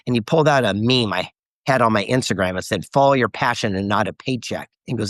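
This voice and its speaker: A man's voice: on the low side, brisk, a bit bright, no room sound. A middle-aged man telling a story as an interview guest, animatedly quoting others. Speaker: guest author.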